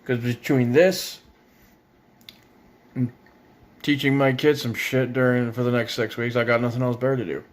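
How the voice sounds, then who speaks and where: A man's voice: medium pitch, level tone, normal speed, long pauses. A young man from Ontario rants with a mid-range voice. He is angry and sarcastic and swears constantly. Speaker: parent ranting on video. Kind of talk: profane political rant.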